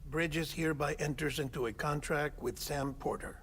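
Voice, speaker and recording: An actor playing a calm, commanding middle-aged male official in video game cutscene dialogue, measured and persuasive. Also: fairly high pitch, noisy background, lightly acted.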